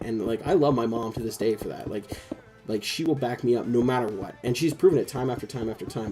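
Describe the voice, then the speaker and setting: Mellow-voiced young man telling a story. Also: mid-range voice, fast, soft background music, poor audio. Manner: rambling, swears a lot, heavy use of "like". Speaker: host. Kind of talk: casual storytelling chat.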